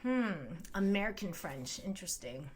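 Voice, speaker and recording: A woman's voice: mid-range voice, sing-song, moderate pace, darkish tone, slight background noise. A woman in her thirties chatting casually on a live stream, rambling, laughing often and reading viewer comments aloud. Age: 30s.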